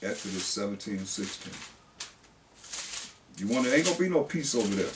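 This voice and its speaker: A male preacher, who reads scripture slowly and then explains it in blunt everyday speech. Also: on the low side, expressive, background noise. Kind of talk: sermon. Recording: roomy, distant mic.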